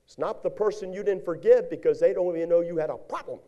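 A man pastor preaching a lively sermon, acting out little scenes and rising to shouts at his peaks. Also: sits high, quick pace, highs cut off.

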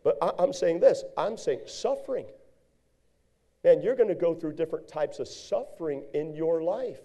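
A middle-aged male preacher telling a story in a sermon, animated, with sudden high outbursts. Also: moderate pace.

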